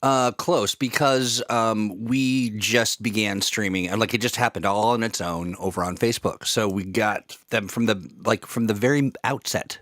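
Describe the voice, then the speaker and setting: A man co-hosting a podcast in a loose, goofy way, rambling with fillers and joking around. His voice sits a bit low. The sound is dry and close, with no room echo. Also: normal speed, hardly any pauses, fairly bright tone. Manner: goofy, laughs often, loose rambling talk. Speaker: podcast co-host. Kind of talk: casual podcast chat.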